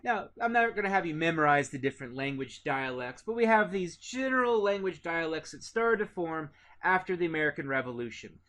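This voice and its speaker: Man lecturing, higher-pitched voice. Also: brisk. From Indiana. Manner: relaxed, lots of "uh" fillers, conversational. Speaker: teacher. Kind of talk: recorded classroom lecture.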